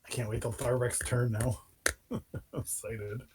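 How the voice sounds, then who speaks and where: A man playing in a tabletop role-playing game, chatting in a playful, excitable way. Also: medium pitch, measured pace, noisy background. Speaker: player. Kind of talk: casual tabletop game chat.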